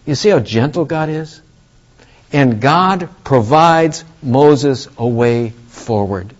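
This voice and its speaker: In a lo-fi recording, a man whose voice is on the high side and a little mellow gives a chatty sermon as pastor. He asks the congregation questions and brings a story to life by voicing Moses and God.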